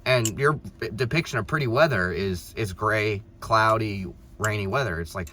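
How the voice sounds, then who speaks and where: Young man, rambling car vlog storyteller, mid pitch, noisy background. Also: animated, a little fast, few pauses, a bit bright. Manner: rambling, many restarts and fillers, exasperated. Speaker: vlogger telling a story.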